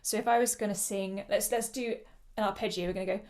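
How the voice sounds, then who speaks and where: A choral singing coach leads an online vocal workshop, explaining breath control and demonstrating it with shushing sounds. Her mid-range voice is slightly mellow, fairly even in intonation, and quick-paced.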